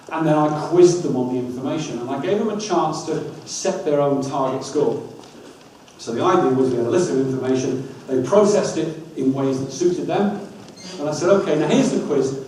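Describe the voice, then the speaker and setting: A man giving a lively talk on dyslexia, coaxing the audience through activities with wry asides. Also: a little high, distant mic. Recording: echoey hall, speaker off-mic, faint room hum.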